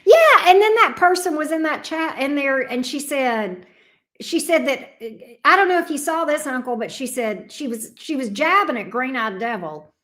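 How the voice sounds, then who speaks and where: A woman's voice: high voice, animated, normal speed, fairly bright tone. A middle-aged woman hosting a livestream, chatting casually and bluntly with viewers and swearing freely. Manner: blunt, profane and sassy. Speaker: tarot reader and livestream host. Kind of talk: casual livestream chat reading viewer comments.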